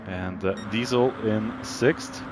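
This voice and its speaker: A man giving live commentary on a sim racing league, calling overtakes and getting excited, even shouting warnings at drivers. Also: on the low side, slow pace, noisy background.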